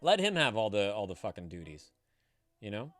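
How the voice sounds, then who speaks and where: A man's voice: on the low side, sing-song, moderate pace, fairly bright tone, no room sound. A man in his thirties streaming live from home, reading viewers' messages aloud and ranting about them with a lot of swearing. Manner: profane, indignant ranting.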